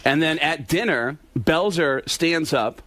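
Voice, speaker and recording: Male comic, storyteller; lively anecdote full of voices, pitched a bit high. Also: takes it slowly, no echo. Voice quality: bursts into loud shouted character voices. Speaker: impressionist comedian guest. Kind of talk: animated storytelling with impressions.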